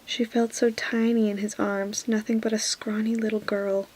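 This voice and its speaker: A woman reading a novel aloud in a soft whispered role-play. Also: mid-range voice, flat delivery, normal speed, rough recording. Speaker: reader.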